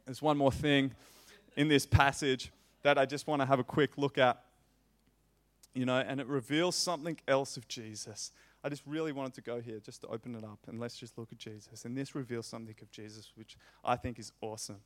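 Speaking in a steady mid-range voice, a man delivers a sermon and reads from scripture. He goes slowly and intensely, repeating phrases that grow louder and more emphatic each time.

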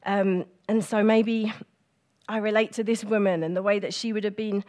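A middle-aged woman giving a personal, reflective church talk, speaking gently with pauses and fillers. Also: medium pitch, fairly even intonation.

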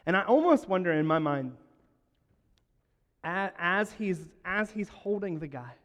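A man preaching a sermon, telling a story and acting out its lines, moving between hushed and loud. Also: high voice, lively intonation, unhurried, highs cut off. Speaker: pastor. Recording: long hall reverb.

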